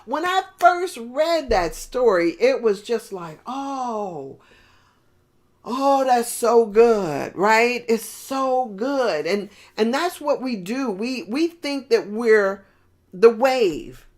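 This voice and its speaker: A woman's voice: on the high side, animated, takes it slowly. A woman preaching a sermon in a rambling, conversational way with many fillers and restarts.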